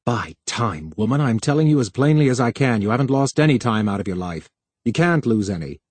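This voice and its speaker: A man's voice: mid-range voice, sing-song, brisk, a little mellow, breathy edge, no echo. A man reading aloud plays a proud, irritable technician who talks harshly and curtly, lecturing. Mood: angry.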